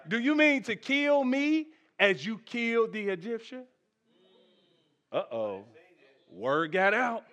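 Male pastor, high bright tenor, animated sermon, shouts and quiet jokes to the congregation. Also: slow, muffled recording. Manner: animated preaching, swings from shouted peaks to soft asides; humorous, conversational asides to the congregation.

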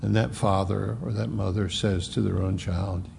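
A man's voice: fairly low pitch, steady tone, moderate pace, vocal fry, hardly any pauses, long reverb tail, background noise. A man preaching a sermon as a pastor, with emphatic repetition.

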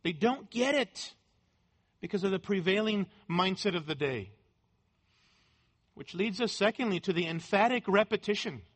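A man's voice: high voice, expressive, normal speed, pauses often, husky. A man preaching an expository sermon, speaking in short emphatic phrases and repeating key words for weight. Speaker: pastor.

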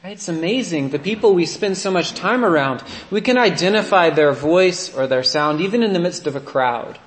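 A man's voice: high-pitched, expressive, moderate pace. Man preaching a chatty sermon, echoey room. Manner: storytelling, often asks "right?". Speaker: priest. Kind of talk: conversational sermon.

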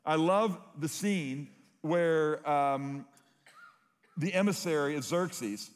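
A man's voice: fairly high pitch, slow pace, in a large hall. A man preaching a sermon, telling stories with rising emphasis. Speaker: pastor.

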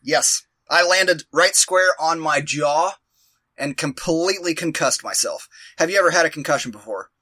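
A man with a bright, slightly high voice tells a rambling story, casual and profane, laughing at himself. The sound is dry and close, with no room around it. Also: normal speed, dry recording. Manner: rambling, profane, self-mocking.

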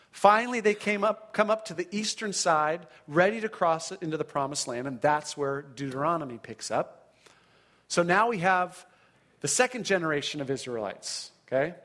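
Male pastor, slightly high voice, animated sermon delivery with dramatic scripture reading. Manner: animated preaching, frequent "right?" check-ins, dramatic scripture reading.

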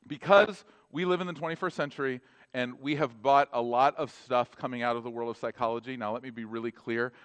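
A man preaching a sermon in a conversational, animated way, often acting out dialogue. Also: mid-range voice, a little fast, smooth.

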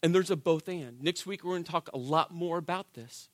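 A man preaching a sermon in church, conversational and animated, often asking the congregation "right?" and swinging from shouted emphasis to soft, intimate delivery. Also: on the high side, a little fast, no echo. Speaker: pastor.

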